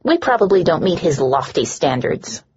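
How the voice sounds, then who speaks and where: A woman narrator voicing a bitter, sharp-tongued young woman who sneers at everyone. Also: on the low side, big pitch swings, normal speed, husky, lo-fi sound, exaggerated voice. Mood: scornful. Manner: sneering, scornful.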